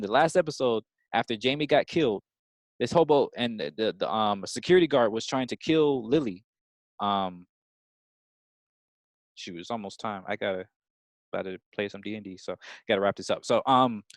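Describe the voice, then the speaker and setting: A man hosting a podcast, talking in a rambling, excited and slangy casual way. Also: medium pitch, no room sound. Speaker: podcast host. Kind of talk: casual chat.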